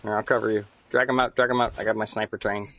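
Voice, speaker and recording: A man casually commenting on a co-op game he is streaming, excitable and swearing, breaking into loud yelps. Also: on the low side, quick pace, muffled recording, a little hiss or hum. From Canada. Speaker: gamer streaming co-op play.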